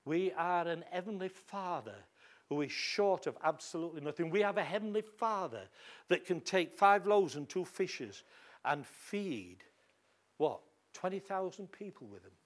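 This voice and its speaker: A man's voice: high voice, animated, normal speed. A man with a Northern English accent preaching a sermon in a church hall, emphatic and calling for amens. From England. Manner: emphatic, call-and-response.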